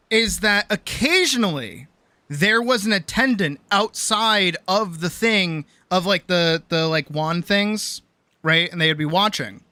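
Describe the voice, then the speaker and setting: A young adult woman streamer telling a story in a casual, animated rant, swearing often and full of fillers. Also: on the low side, dry recording.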